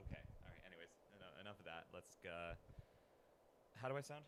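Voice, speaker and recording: A male streamer chats casually with his audience, rambling playfully and poking fun at himself. His voice is bright and sits slightly low, and his pitch swings widely as he talks. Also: expressive, a little fast. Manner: rambling, playful, self-deprecating. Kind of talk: casual live-stream chat.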